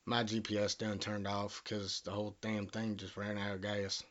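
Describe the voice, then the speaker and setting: A man's voice: on the low side, completely flat delivery, normal speed, fairly bright tone, highs cut off. Rambling Southern man on a prank call. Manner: bumbling, rambling, profane. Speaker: prank caller.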